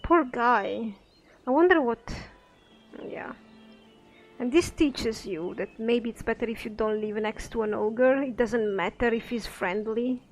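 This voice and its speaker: A woman's voice: fairly high pitch, a little slow. A woman musing aloud as she plays and comments on a game. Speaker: let's play host. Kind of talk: gameplay commentary. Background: faint game music.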